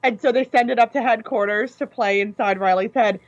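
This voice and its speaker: Woman co-host, enthusiastic storyteller, higher voice, muffled lo-fi sound. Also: fairly quick, dry recording. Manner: enthusiastic, animated retelling of scenes. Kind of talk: casual chat.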